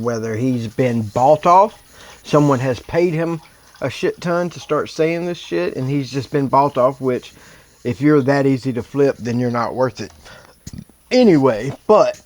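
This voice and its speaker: A man hosts a reaction video in loose, rambling commentary. He sounds indignant and exasperated, in a mid-pitched, everyday voice.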